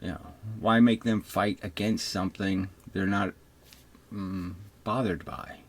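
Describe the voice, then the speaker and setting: Husky, profane older man ranting. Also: deep voice, steady tone, a little slow. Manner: profane, mocking, sarcastic; mimics others in put-on voices. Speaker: video commentator. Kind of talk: unscripted ranting monologue.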